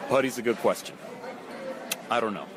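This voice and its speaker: A man's voice: medium pitch, moderate pace. A man from the Bronx, a wrestler giving an emphatic post-match interview and repeating himself for emphasis. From the Bronx, New York. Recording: noisy crowd in the background.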